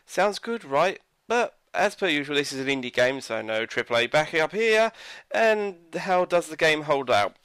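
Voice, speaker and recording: A man's voice: a little high, sing-song, normal speed, fairly bright tone, clean tone, no room sound. A man reviewing a video game in casual commentary, rambling and hesitant, with frequent fillers and self-corrections.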